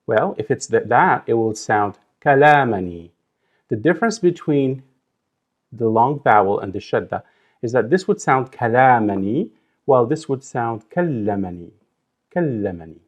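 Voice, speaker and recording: A man teaching a language lesson, slowly repeating words and breaking them into drawn-out syllables. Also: medium pitch, expressive. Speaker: Arabic teacher. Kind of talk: slow instructional explanation.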